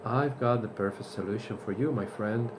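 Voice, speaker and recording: A man's voice: lowish voice, moderate pace, noisy background, lightly acted. A man voicing an eager male friend offering advice in a told joke. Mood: chummy.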